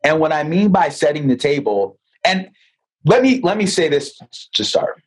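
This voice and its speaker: Husky high-voiced man telling stories. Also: moderate pace, low-quality recording. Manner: lively storyteller who acts out dialogue; repeats words as he restarts. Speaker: guest, financial advisor. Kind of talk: podcast interview.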